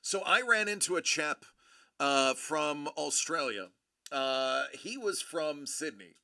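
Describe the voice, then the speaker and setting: A man's voice: a little high, lively intonation, slow pace, pushed and bright. A middle-aged man hosting a casual collectibles show, rambling and joking as he tells stories with many restarts. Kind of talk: casual chat.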